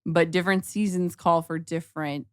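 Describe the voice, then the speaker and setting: A woman's voice: lowish voice, fairly even intonation, moderate pace, clear, resonant tone, no echo, clean studio sound. A woman in her thirties, a guest on a podcast, talking casually with many "like" fillers and acting out bits of dialogue. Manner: chatty, frequent "like" fillers, acts out dialogue. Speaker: guest, author and mother.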